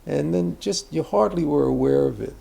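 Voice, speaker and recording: Gravelly older man talking craft. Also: a little high, normal speed, dark tone. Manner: reflective, rambling with asides and restarts. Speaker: acting teacher. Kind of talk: conversational interview about acting.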